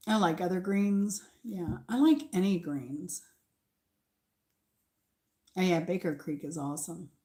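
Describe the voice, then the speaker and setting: An older woman with a light Southern American accent chats her way through a garden tour. She talks slowly and unhurriedly, drifting between thoughts with pauses. Her voice sits a little low for a woman. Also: warm tone. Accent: Southern American mix. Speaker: channel host. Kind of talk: casual garden tour chat.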